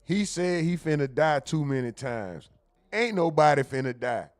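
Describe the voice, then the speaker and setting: A man's voice: a little high, animated, normal speed. A man hosting a show, casually commenting on viral clips, often laughing and mimicking what he hears. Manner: laughing, joking, mimics clip lines. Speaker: show host reacting to clips.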